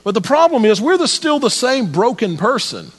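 A man's voice: very high voice, big pitch swings, normal speed, slightly rough, big-room sound. A man preaching a sermon as pastor, earnest, often repeating and restarting his words as he builds each point. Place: church sanctuary.

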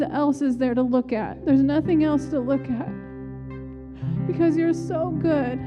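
A woman leading a church service, welcoming the congregation and praying aloud in an earnest, heartfelt way, repeating her phrases. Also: high-pitched. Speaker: worship leader. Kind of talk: church welcome and spoken prayer. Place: church sanctuary. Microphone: handheld microphone. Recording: slightly dull sound with soft guitar behind. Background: soft guitar music.

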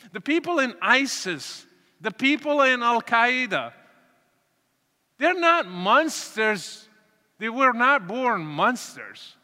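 A man's voice: very high voice, pushed and bright, long reverb tail. A man from Morocco, telling his own story in an earnest, emotional sermon testimony with many repetitions. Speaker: speaker giving his testimony.

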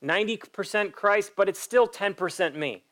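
Male pastor, fairly high voice, emphatic sermon delivery with pointed questions to the congregation. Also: animated, normal speed, a bit bright. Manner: acts out quoted voices in a story.

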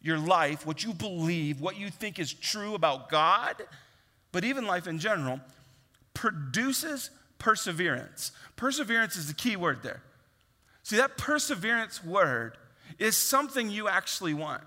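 A man's voice: high-pitched, sing-song, unhurried, bright, forceful tone. Earnest preaching man in a reverberant hall. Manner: earnest, conversational preaching with acted-out quotes. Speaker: pastor. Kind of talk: sermon.

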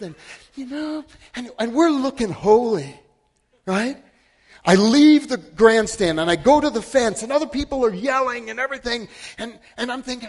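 A middle-aged man preaching a sermon, telling a story against himself with sudden swings between loud and hushed. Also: very high voice, moderate pace. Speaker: pastor.

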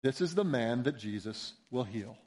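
A man's voice: mid-range voice, lively intonation, normal speed. A man preaching an expository sermon, emphatic and building intensity at key points. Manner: emphatic, rising to near-shouts when quoting cries. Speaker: pastor.

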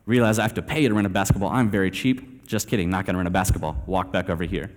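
A man's voice: deep voice, steady tone, fast. A young man from Texas telling a story in a sermon, casual and self-deprecating, dropping "man" and "like" throughout. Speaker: preacher. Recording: reverberant hall.

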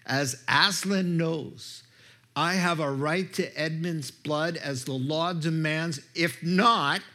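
A man's voice: a little high, slow pace, sharp tone. A preacher retelling a haughty wicked queen. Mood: imperious. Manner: haughty, mocking, insistent. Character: imperious wicked queen, woman, demanding her due. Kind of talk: sermon storytelling.

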